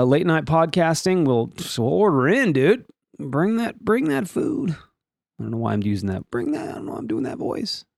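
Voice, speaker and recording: A man's voice: vocal fry, no echo, clean studio sound. A man hosting a daily solo podcast, chatting casually in a rambling, jokey way. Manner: rambling, jokey, animated, swooping pitch. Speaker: podcast host.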